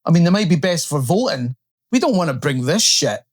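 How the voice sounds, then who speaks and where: A man's voice: fairly high pitch, sing-song, brisk. A man with an Australian accent co-hosting a casual political chat, blunt and sweary, using "like" and "mate" a lot. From Scotland. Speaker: podcast co-host.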